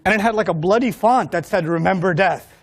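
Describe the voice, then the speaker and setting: High-voiced man telling a funny story. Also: fast, husky. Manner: animated, self-mocking, acts out voices. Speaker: Islamic speaker. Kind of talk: humorous storytelling talk.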